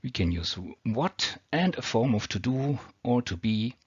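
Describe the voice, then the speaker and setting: A man's voice: mid-range voice, very animated, a little slow, slightly rough, no room sound. A man teaching English grammar with a non-native accent, explaining patiently step by step. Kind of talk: explaining grammar over slides. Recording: dull lo-fi homemade audio.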